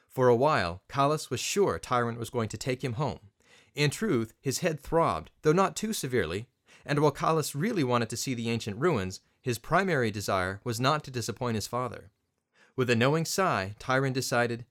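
Man, audiobook narrator, expressive, scripted narration, wide lively melody. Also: medium pitch, moderate pace. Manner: expressive storytelling.

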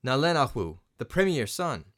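A man's voice: medium pitch, big pitch swings, moderate pace, a bit bright. A man voicing an anxious young son who talks in hesitant, questioning bursts. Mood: curious.

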